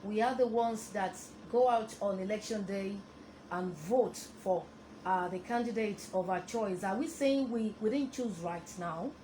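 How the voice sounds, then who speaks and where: A woman hosts a radio phone-in, moving calls along briskly and politely. Her voice sits mid-range for a woman. A clear hum of studio noise runs underneath. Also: mid-range voice, warm tone, low-quality recording. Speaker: radio talk show host.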